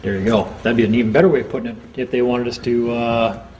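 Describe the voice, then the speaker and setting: A man giving an informal seminar talk to a small group, chatty, acting out courtroom exchanges in quick quoted voices. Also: medium pitch, fairly even intonation, darkish tone, poor audio. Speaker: seminar speaker.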